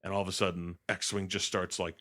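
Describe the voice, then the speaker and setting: Lively low-voiced man recapping a movie. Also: brisk. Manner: animated, swearing, acts out characters. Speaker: co-host. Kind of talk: casual movie recap chat.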